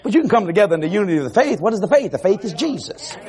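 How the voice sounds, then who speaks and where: Animated laughing preacher man. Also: sits high, very fast, noisy background. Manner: animated, laughing, shouting asides to the crowd. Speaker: television preacher. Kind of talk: lively evangelical sermon. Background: faint congregation crowd.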